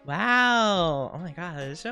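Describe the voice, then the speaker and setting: Woman, streamer, tired, giggly, rambling casual chat, smooth clear voice. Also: lowish voice, lively intonation, drawn-out words, pushed and bright.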